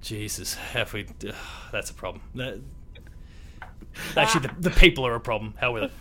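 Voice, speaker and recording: A man's voice: medium pitch, lively intonation, moderate pace, crowd noise. A man with an Australian accent hosting a gaming podcast, talking in a loose, rambling, casual way with mild swearing. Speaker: podcast host. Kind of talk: casual chat.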